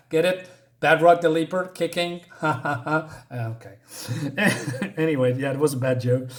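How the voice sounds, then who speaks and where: A man's voice: fairly high pitch, fairly even intonation, slow. A man casually reviewing a comic book, chatty and chuckling at his own jokes, with lots of fillers.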